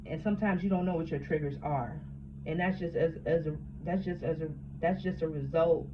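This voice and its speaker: A woman near forty speaks with frank, profane candor in a lowish voice, circling back over her words as she talks. The sound is dull and lo-fi. A steady hum runs under everything. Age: late 30s. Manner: frank, profane, repeats and restarts phrases. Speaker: vlogger. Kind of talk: candid personal talk about trauma.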